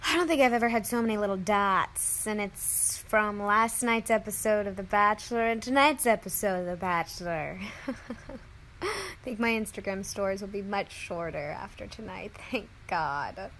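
A woman in her late twenties at home, chatting excitedly and reacting to a TV show into her phone. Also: mid-range voice, moderate pace, a little hiss or hum. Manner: excitable, chatty, swings to squeals and laughter. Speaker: vlogger watching TV. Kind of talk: casual reaction commentary.

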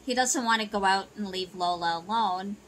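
A woman's voice: medium pitch, normal speed, a bit bright, a little hiss or hum, low-quality recording. A woman casually retelling a soap opera episode, chatty and loose with "you know" and "she goes". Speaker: soap opera recap narrator. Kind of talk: casual plot recap narration.

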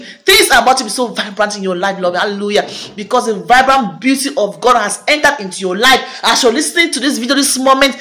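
A woman minister giving a prophetic declaration to a video audience, fervent and repetitive, restating each phrase again and again. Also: bright, forceful tone. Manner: rising to a fervent high pitch at climaxes.

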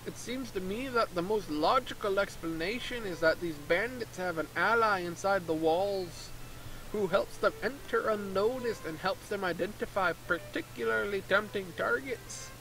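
Guy doing a hammy fake-canadian merchant, scheming, tacks eh on everything, bright high voice. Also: moderate pace, rough recording. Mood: conspiratorial. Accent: mock Canadian, tagging "eh" onto lines. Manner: reading dialogue aloud, hammy and conspiratorial. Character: scheming middle-aged male town merchant.

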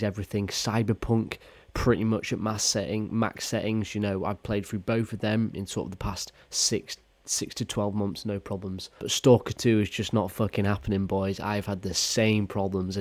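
Low-voiced man ranting, swearing. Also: darkish tone, no room sound. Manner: swears a lot, rants, swings from angry to glum. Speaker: gaming YouTuber. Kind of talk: angry solo rant to camera.

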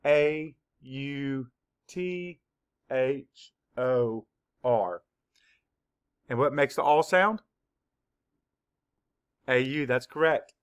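A man teaching a spelling lesson to young children, dictating words slowly and clearly, sound by sound. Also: medium pitch. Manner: slow, clear word-by-word dictation.

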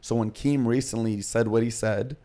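A man's voice: mid-range voice, fairly even intonation, normal speed, warm tone. A man as a podcast guest, candidly recounting his own story in short, confessional present-tense bursts.

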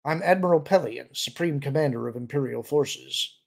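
A man's voice: mid-range voice, vocal fry, a little mellow. A man voicing a composed senior male admiral who speaks coolly and with authority. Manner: cool, measured.

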